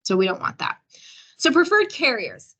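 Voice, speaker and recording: A woman's voice: high-pitched, huge pitch swings, normal speed, fairly bright tone, dull audio. Chatty woman leading staff training. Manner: casual, chatty, encouraging, with many fillers. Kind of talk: workplace training talk.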